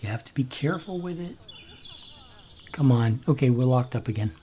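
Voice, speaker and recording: A man's voice: mid-range voice, animated, normal speed, warm tone, a little hiss or hum. A man casually telling a rambling story while playing a game, chuckling and restarting sentences. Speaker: gameplay commentator.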